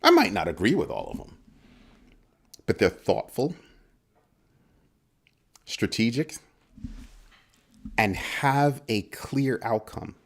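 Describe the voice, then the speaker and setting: A man's voice: medium pitch, sing-song, takes it slowly, vocal fry, long pauses. A man hosting a casual crypto livestream, greeting viewers in chat by name and teasing them playfully. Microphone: desk microphone.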